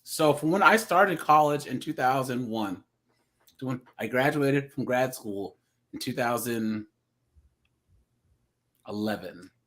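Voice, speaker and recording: A man from the United States hosting a livestream, giving casual, rambling reaction commentary. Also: mid-range voice. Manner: rambling, restarts. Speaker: livestream host.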